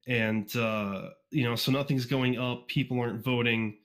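A man's voice: medium pitch, fairly even intonation, normal speed, a bit bright. A man guest on a casual podcast, a fan fiction reviewer who rambles and jokes at his own expense. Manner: rambling, self-deprecating, lots of fillers and restarts. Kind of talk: casual interview.

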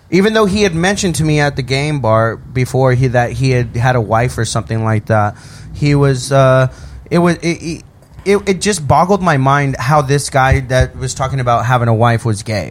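A man telling a story in casual chat, laughing often and swearing. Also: mid-range voice.

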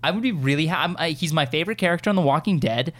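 A man co-hosting a casual chat show, excitable and animated, talking fast with many restarts. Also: on the high side, noisy background. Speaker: podcast co-host.

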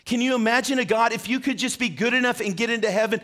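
A man's voice: very high-pitched, fast, bright, forceful tone. A man preaching a short sermon, earnestly asking questions and speaking directly to his listeners. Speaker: pastor.

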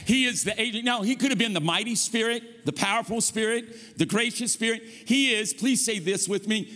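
A man's voice: high voice, moderate pace. A man preaching a sermon as guest pastor, telling funny stories and calling the congregation to say amen. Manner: animated storytelling preacher, calls for amens. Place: church sanctuary. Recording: long hall reverb.

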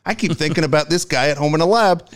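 A man co-hosting a sports podcast, telling quick anecdotes and laughing as he goes. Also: on the high side. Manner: fast storyteller, laughs often, mimics people. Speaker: co-host. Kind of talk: casual sports chat.

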